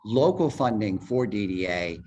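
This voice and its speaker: A man heading an agency, walking a virtual public forum through budget figures step by step on a video call, talking fast and explaining as he goes. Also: fairly low pitch, animated, a little mellow, muffled recording. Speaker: agency head presenting a budget. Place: virtual meeting, speaking from home or office.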